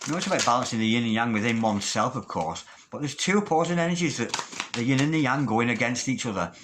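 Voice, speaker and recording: A man's voice: mid-range voice, animated, quick pace, noisy background. A man giving a tarot card reading in a chatty, emphatic way, swearing casually as he goes. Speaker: tarot reader.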